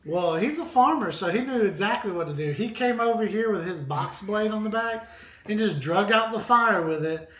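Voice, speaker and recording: A man with a notably high voice tells a long, rambling story on a casual live stream. He talks animatedly and keeps turning to address his viewers. The sound carries the echo of a hard-walled room. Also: animated, normal speed, a bit bright. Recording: echoey room.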